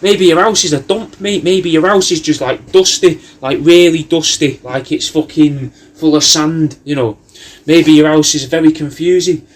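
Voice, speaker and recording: A man's voice: on the high side, moderate pace. A man delivering a rambling, sweary comic monologue full of absurd tangents and slang, as a personalised video message.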